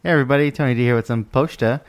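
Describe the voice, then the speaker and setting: A man's voice: mid-range voice, rapid-fire. A man co-hosting a podcast, reading listener mail in a laid-back, joking way. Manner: laid-back, jokey, reads letters aloud. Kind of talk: casual podcast chat.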